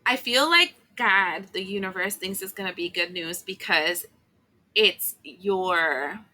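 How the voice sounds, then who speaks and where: A woman with a bright, forceful voice talks through a tarot reading in a loose, chatty way. She fills her talk with fillers and asides and gets emotional along the way. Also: medium pitch, slow, low-quality recording. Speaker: tarot reader.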